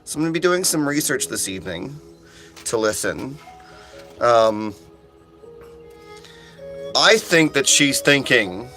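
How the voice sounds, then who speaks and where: A chatty man live-streams to his viewers, his voice bright and forward. He reacts to chat with loud, eager outbursts and trips over his restarts, while faint, mellow music plays behind him. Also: mid-range voice, takes it slowly, pauses often. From United States. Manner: chatty and excitable, answering chat with loud exclamations, frequent restarts. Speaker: audiobook narrator live-streaming. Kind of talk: casual livestream chat with viewers. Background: faint chill music he put on.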